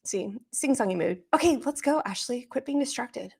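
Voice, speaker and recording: A woman hosting a live reaction stream in casual chat, low on energy and slightly raspy near vocal fry, easily distracted and reading chat aloud. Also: lively intonation, normal speed, darkish tone.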